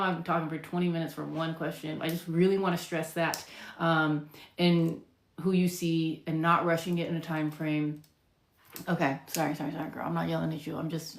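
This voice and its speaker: A woman nurse practitioner answering viewer questions in casual live talk, emphatic and chatty, with lots of fillers and acted-out patient lines. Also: on the low side. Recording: echoey room.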